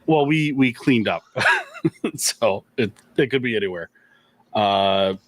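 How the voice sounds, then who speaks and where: A man's voice: on the low side, huge pitch swings, slow, fairly bright tone. A man hosting a gun shop livestream, reading viewer questions in a laid-back, chuckling way with lots of fillers.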